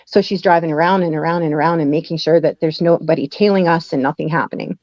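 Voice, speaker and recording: A woman recounts her past as an interview guest, voicing the people in her story. Her voice sits low, and it comes over a dry, dull, lo-fi recording. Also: fast talker, a little mellow, no room sound. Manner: acts out quoted dialogue, laughing at times. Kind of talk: personal storytelling in a conversation.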